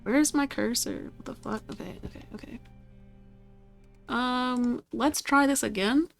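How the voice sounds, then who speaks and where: This gaming streamer has a fairly high, creaky voice and an unhurried delivery, with faint music behind her. She chats casually to herself at her computer as she plays, swearing at the game in exasperation.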